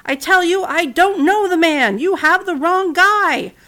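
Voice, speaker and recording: A woman voicing a frightened man who yells denials in a storybook reading. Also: very high-pitched, expressive, measured pace, voice pushed up, full character voice. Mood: frantic. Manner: yelling, frantic. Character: frightened, desperate fisherman denying his friend.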